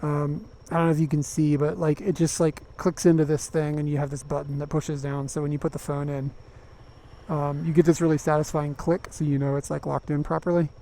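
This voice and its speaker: A man's voice: on the high side, level tone, fairly quick, mellow. A young man live-streaming a night motorbike ride, chatting casually and rambling with lots of fillers, recorded on a mic mounted inside his helmet. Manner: rambling and chatty, many fillers, laughs easily. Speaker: livestreamer. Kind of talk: casual live-stream chat while riding. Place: outdoors on a motorbike at night in city streets. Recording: faint traffic noise behind.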